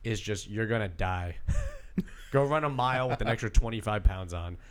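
A man's voice: fairly low pitch, moderate pace. A man co-hosting a casual podcast, talking loosely with many fillers. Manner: chatty, lots of filler like. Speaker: podcast co-host. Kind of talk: casual chat.

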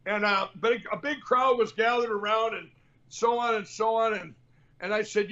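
A man's voice: sits high, steady tone, moderate pace, pushed and bright, highs cut off. A man hosting a political talk show, rambling and combative, repeating himself as he talks. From Minnesota. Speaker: show host.

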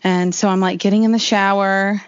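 A woman's voice: medium pitch, flat delivery, moderate pace, clean tone. A woman telling a long personal story as an interview guest, in a rambling, chatty way full of "like". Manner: chatty, rambling, heavy use of "like". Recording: slightly dull lo-fi recording.

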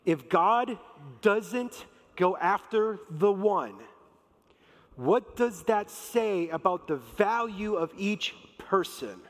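A man's voice: high voice, lively intonation, slow. A man preaching a sermon in a conversational, emphatic way, acting out quotes. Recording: long reverb of a large hall.

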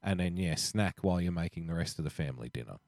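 A man co-hosting a podcast, chatting casually and trading dry jokes. His voice sits low. The recording is dry, with no room sound around him. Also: expressive, fast, darkish tone, no room sound. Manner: dry, joking banter. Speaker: podcast co-host. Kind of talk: casual chat.

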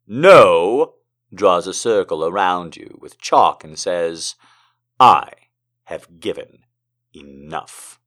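A man reading poems aloud and joking between them, moving from slow dramatic recitation to fast, excited, profane banter. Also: sits low. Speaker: poetry reader. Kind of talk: casual poetry reading with commentary.

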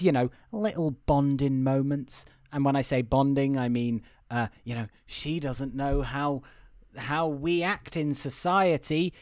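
A man's voice: mid-range voice, dry recording, studio quality. A young man who hosts a podcast, giving a casual, rambling, profane and amused recap of a film. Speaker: podcast host.

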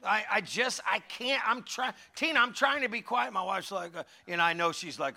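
A middle-aged male pastor preaching a folksy, conversational sermon. His voice sits high and very bright, with a gravelly edge. He is animated, swinging from loud calls to the congregation to hushed, confiding asides. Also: moderate pace. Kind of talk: conversational sermon with humorous stories.

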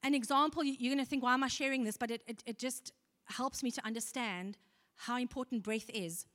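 A woman's voice: fairly high pitch, fairly quick, fairly bright tone. A woman preaching a sermon, earnest and conversational, asking the congregation questions. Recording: long hall reverb.

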